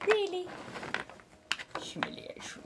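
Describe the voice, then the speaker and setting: A woman's voice: slow pace, faint music behind. A woman in her forties hosting a livestream in a put-on old-fashioned American accent, theatrical, flowery and chatty, calling viewers darling. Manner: talkative chatterbox. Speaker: livestream host.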